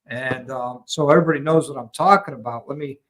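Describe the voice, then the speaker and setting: A man with an American accent, a veteran guest telling a long story in a calm, explanatory way with frequent ums. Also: mid-range voice, fast talker, rough recording. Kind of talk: casual storytelling conversation.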